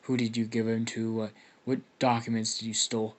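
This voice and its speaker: A man voicing a rigid, accusing teenage class representative in a deliberately silly voice. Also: on the low side, completely flat delivery, lightly acted. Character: rigid, accusing young male class rep.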